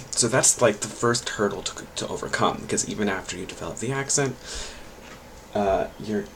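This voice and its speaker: Low-voiced man, rambling and hesitant. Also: moderate pace, noisy background. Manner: rambling, hesitant, many fillers and restarts. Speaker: language learner giving tips. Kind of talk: casual vlog talk.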